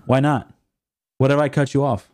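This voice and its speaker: A man's voice: mid-range voice, fairly even intonation, moderate pace, darkish tone. A young man co-hosting a podcast in casual chat, laid-back and defensive in banter. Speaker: podcast co-host.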